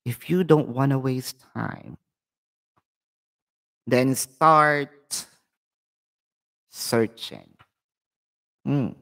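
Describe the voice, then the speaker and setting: A man's voice: mid-range voice, drawn-out words, gravelly, long pauses, a bit bright. A man with a Filipino accent hosting a live tarot reading, speaking chatty and direct to his viewers. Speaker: tarot reader and channel host.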